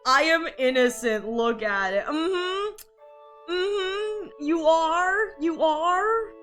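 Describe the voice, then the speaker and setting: A woman's voice: very high-pitched, animated, extremely slow, fairly bright tone, faint music behind. A young woman chatting casually on a live art stream, giggly and playfully anxious as she talks to her chat.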